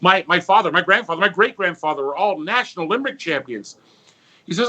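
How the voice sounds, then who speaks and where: A man telling a long joke and then a rhyming story, animated, with stammers and restarts. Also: high voice, quick pace, slightly rough, rough recording. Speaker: comedy performer.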